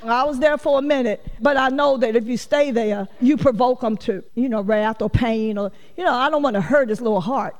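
A woman's voice: fairly high pitch, a little fast, hardly any pauses, in a large hall. A woman preaching a folksy, conversational sermon, acting out quotes and laughing often. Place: church sanctuary.

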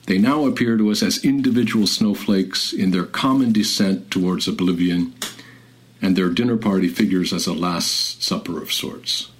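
Male host, lower voice, measured scholarly delivery for literary commentary. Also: rough recording. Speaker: radio host.

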